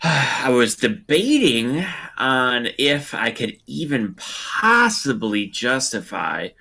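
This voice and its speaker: A man's voice: mid-range voice, sing-song, takes it slowly, vocal fry, bright, forceful tone, slightly rough. A man chatting casually during a streamed flight game, joking and rambling as he talks. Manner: joking, rambling, self-interrupting. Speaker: gamer on a stream. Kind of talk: casual gaming chat.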